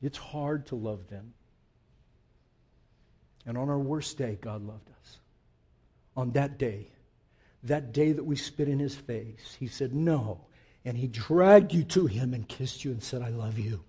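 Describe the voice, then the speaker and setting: A man preaching a sermon, swinging from loud emphatic peaks to quiet, low asides and putting direct questions to the congregation. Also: a little slow, breathy edge. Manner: emphatic, rising to loud peaks then dropping low and intimate. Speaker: pastor.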